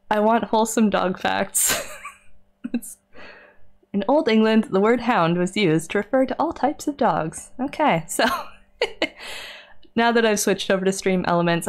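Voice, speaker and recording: Chatty woman streamer who laughs often. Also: mid-range voice. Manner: chatty, laughs often, reads chat aloud. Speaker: streamer and librarian. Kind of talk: casual live-stream chat while gaming.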